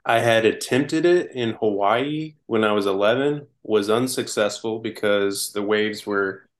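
A man's voice: lowish voice, a little slow. A man co-hosting a podcast, trading wisecracks in casual banter. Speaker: podcast co-host. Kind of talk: casual chat.

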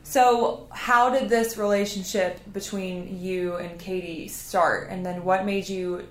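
A woman hosts a casual podcast, asking her guest questions in a playful, chatty way. Her voice sits at a middle pitch, and the room around her is echoey. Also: steady tone, takes it slowly. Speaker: podcast host.

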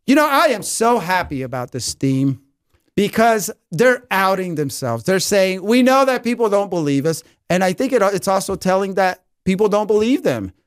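Male host, fairly high voice, sarcastic and emphatic, dry close-mic sound. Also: very animated, normal speed, clear, resonant tone, no room sound. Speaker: podcast host. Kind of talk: scripted monologue then casual chat.

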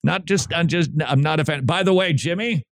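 A man hosting a radio talk show, joking and acting out little scenes in a lively way. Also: a little high, brisk, dry recording, clean studio sound. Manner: jokey, lively, acts out little scenes with voices. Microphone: studio mic.

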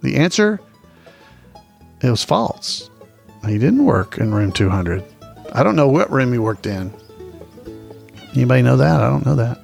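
Man, trivia host, gravelly voice, unhurried, folksy, soft music behind. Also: mid-range voice. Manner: folksy, repeats questions, chuckles to himself. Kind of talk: casual podcast trivia hosting.

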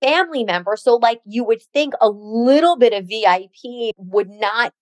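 A woman's voice: a little high, normal speed, dry recording. A woman co-hosting a podcast, telling a story in a sarcastic, emphatic way, full of "like" and "you know". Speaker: podcast co-host. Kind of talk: casual chat.

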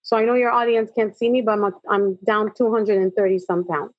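Here the middle-aged motivational speaker talks in a mid-range voice at a fairly quick clip, with no room sound. As an interview guest she narrates her personal story in an animated way, acting out what people said. The audio is dull and lo-fi.

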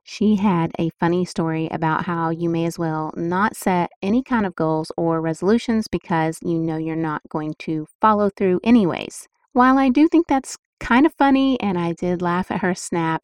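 Woman, middle-aged, podcast host, lowish voice, dry close sound, chatty, emphatic, upbeat, casual motivational talk. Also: darkish tone, clear, resonant tone, no echo.

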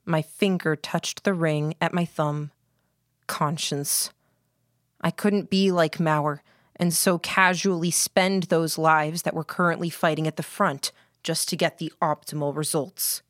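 A woman narrates a first-person story in a low, steady voice, measured and reflective. The reading is dry and close, with no room sound around it. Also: no echo. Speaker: audiobook narrator.

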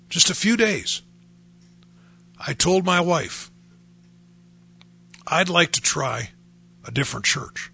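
Gravelly-voiced man telling his testimony. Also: on the high side, sharp tone. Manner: conversational, acts out quoted voices. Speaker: speaker sharing his testimony. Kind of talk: personal testimony storytelling.

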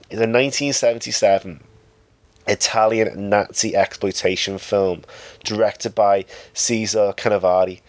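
Man reviewing a film, casual, hesitant, lots of fillers, lowish voice, dry close sound. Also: dry recording.

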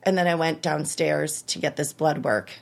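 A woman in her thirties, an interview guest telling her story in an animated way, acting out what people said and rising high when she relives the worst moments. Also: normal speed, vocal fry. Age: 30s. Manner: animated, acts out quoted voices, rises high when reliving distress. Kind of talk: emotional personal storytelling.

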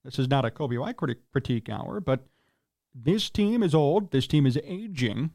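A man's voice: medium pitch, expressive, moderate pace, warm tone, dry recording, studio quality. A man hosting a solo sports talk show, ranting in an opinionated, exasperated way and asking rhetorical questions. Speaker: sports radio host.

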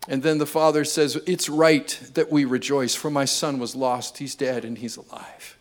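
An older man preaching a sermon, telling funny family stories and building to loud, impassioned appeals. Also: mid-range voice, flat delivery, moderate pace, hardly any pauses. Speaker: pastor. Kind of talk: sermon with humorous storytelling.

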